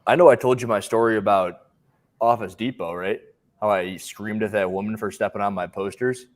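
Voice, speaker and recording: A man co-hosting a podcast, telling stories in casual chat and acting out other people's lines in an animated way. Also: lowish voice, fairly quick. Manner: animated, acts out voices in his stories. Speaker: podcast co-host.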